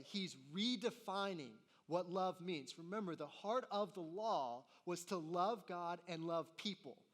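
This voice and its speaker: A young male college pastor preaching with a high, bright voice. He swings from quiet asides to loud, exasperated acted-out lines. His delivery is lively and conversational. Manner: animated, acts out voices and gets loud in exasperation. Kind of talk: sermon.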